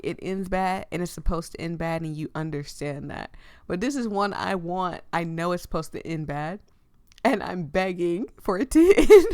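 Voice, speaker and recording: A woman's voice: lowish voice, clean tone, dry recording. A woman hosting her channel, reading a visual novel aloud and stopping to react with feeling between the lines. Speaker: channel host reading interactive stories.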